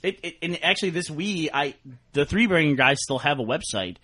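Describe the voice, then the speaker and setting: A man hosts a relaxed podcast conversation, recorded on a studio mic. His voice sits a bit high and rises and falls with a lot of movement. He speaks in a wry, reminiscing way. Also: normal speed. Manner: wry, reminiscing about early internet sites. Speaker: podcast host. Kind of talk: casual chat.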